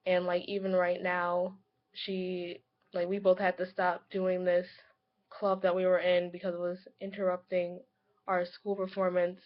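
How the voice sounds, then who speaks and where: A young woman who is sick and hoarse talks her way through a casual vlog, filling the gaps with "like" and "you know". Her voice stays flat and even, with little rise or fall. The recording is dull and lo-fi. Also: lowish voice, measured pace. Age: young adult. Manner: rambling, heavy use of "like". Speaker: college student vlogger.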